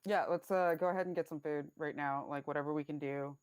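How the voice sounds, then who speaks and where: A woman's voice: deep voice, steady tone, fast talker, a little mellow, clean tone. A woman playing a tabletop game, talking casually with many fillers. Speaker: player.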